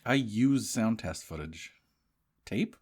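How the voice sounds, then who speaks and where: A man's voice: lowish voice, expressive, takes it slowly, a little mellow, husky. A young man co-hosting a casual podcast chat, wry and joking, drifting into rambling asides. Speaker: podcast co-host.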